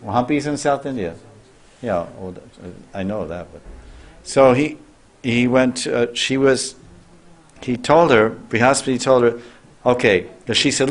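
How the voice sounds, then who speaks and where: A man at middle pitch tells a sacred story as a sermon. He talks loosely, restarts his phrases and turns to the listeners with questions. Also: measured pace. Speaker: spiritual teacher.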